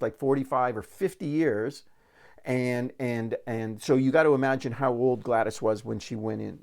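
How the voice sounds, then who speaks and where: A man's voice: mid-range voice, vocal fry, darkish tone. A man giving a recorded real estate sales training talk, telling folksy stories and repeating words as he restarts.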